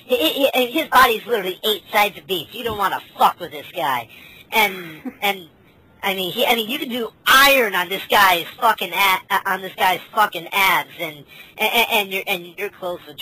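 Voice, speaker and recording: A woman in casual podcast chat, ranting and swearing as she trips over her own restarts. Her voice is bright and forward, with a husky, slightly breathy edge. Her pitch sits in an ordinary middle range. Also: lively intonation, moderate pace, low-quality recording. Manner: ranting, profane, stammering restarts. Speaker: podcast host.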